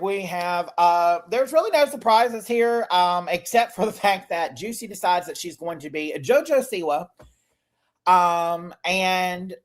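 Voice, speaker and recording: A man hosting a casual recap podcast, chatty, swearing casually and often laughing as he talks. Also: high-pitched. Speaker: podcast host.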